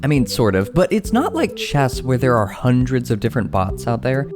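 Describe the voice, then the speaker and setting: Animated young man narrating a comedy vlog. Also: mid-range voice, moderate pace. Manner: animated, exclaiming, self-bantering. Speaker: YouTube creator. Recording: faint music behind.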